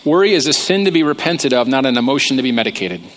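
A man's voice: medium pitch, lively intonation, fast talker, a bit bright, a little hiss or hum. A man preaching a humorous sermon, talking conversationally and joking about himself. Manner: joking, conversational, self-deprecating. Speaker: pastor.

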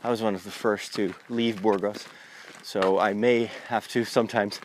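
A man's voice: lowish voice, fairly even intonation, moderate pace, slight background noise. A man, a Catholic priest talking through his journey in a rambling, conversational podcast monologue while walking a country path outdoors, recorded on a lavalier mic on his phone. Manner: rambling, conversational, with frequent restarts.

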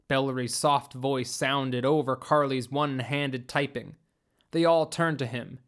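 A man narrating a science fiction story in a steady, deliberate reading voice. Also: mid-range voice.

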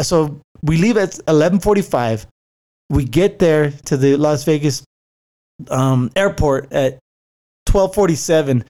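A man's voice: a little high, darkish tone. Rambling, swearing man telling a story. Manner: rambling, profane, many fillers and restarts; laughs easily. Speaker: traveler recounting a work trip. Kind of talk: casual storytelling chat.

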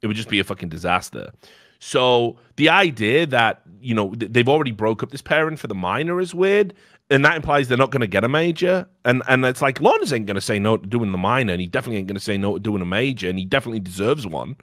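A man's voice: medium pitch, lively intonation, fast, a bit bright, no room sound, clean studio sound. A man on a podcast in casual, opinionated chat, ranting bluntly and swearing freely. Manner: blunt and profane, heated ranting. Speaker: podcast host.

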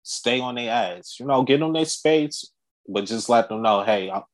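A man's voice: medium pitch, normal speed. A man, laid-back and full of street slang. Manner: laid-back street slang, frequent "you know what I'm saying". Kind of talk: casual podcast talk.

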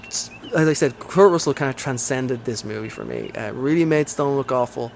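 A man's voice: mid-range voice, brisk, vocal fry, a little hiss or hum. A man hosting a casual movie chat, enthusiastic and rambling with lots of fillers.

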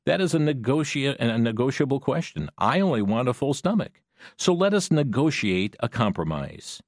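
A man voicing a crafty talking bear in a storytelling bit, speaking softly and soothingly. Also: medium pitch, big pitch swings, moderate pace, no room sound, clean studio sound, voice pushed up. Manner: soft, soothing.

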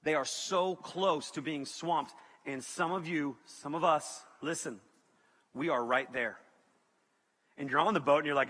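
A man's voice: a little high, unhurried, husky. Joking man preaching in a hall. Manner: animated, joking, talks to the crowd. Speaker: youth pastor. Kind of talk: sermon to students. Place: large hall with audience. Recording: reverberant hall.

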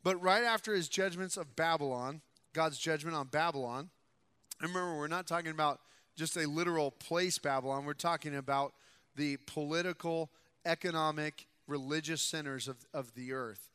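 Bright-voiced man preaching in a reverberant hall. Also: fairly high pitch, moderate pace, clean tone. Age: young adult. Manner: conversational preaching, rising loud for scripture reading. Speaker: pastor. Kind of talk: sermon. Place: church sanctuary.

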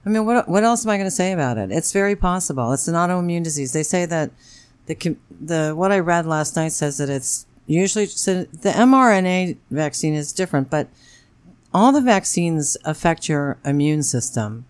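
A woman's voice: sits low, lively intonation, normal speed, clean tone, no echo. A woman in her forties co-hosting a podcast in casual chat, blunt and frank and swearing freely. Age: 40s. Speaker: podcast co-host.

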